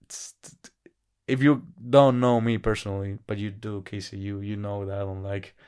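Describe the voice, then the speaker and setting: A man's voice: on the low side, level tone, normal speed, darkish tone, clear, resonant tone. A man co-hosting a podcast, chatting casually, joking and swearing with frequent laughter. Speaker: podcast co-host. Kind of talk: casual chat.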